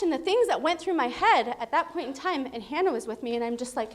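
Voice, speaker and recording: A woman in her thirties with a high, lively voice talks fast while giving personal testimony about her recovery at a meeting. She is candid and emotional, laughing often.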